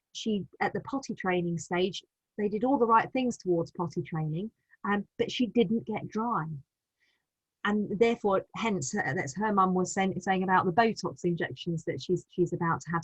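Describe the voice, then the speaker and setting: A British woman patiently explaining practical advice in a live online session, with frequent restarts and a gentle manner. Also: on the low side, slightly rough, no echo, rough recording. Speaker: continence advisor.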